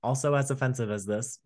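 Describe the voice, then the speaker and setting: Casual guy cohost, loose and chatty, lots of ums, average pitch. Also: husky. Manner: rambling, laughs often, many fillers. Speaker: podcast co-host. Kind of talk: casual chat.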